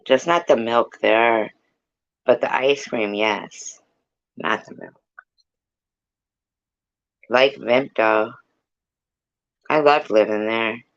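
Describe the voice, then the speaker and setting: A woman rambles on a live stream in a slow, unhurried way, swearing freely and drifting from one thing to the next. Her voice has a gravelly, fried texture. The audio is dull and lo-fi. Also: extremely low pitch. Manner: rambling, swears a lot, sings snatches. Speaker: live-stream host chatting with viewers. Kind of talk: casual chat.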